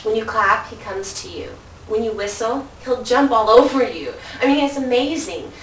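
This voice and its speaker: A woman doing a playful mock-sales pitch in a comedy sketch, often laughing. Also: normal speed, echoey room, distant mic, background noise. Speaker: comedic infomercial presenter.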